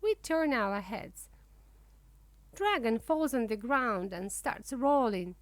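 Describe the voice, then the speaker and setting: A woman narrating a children's book for English learners, reading slowly, clearly and expressively. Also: on the high side, animated, no echo. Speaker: audiobook narrator.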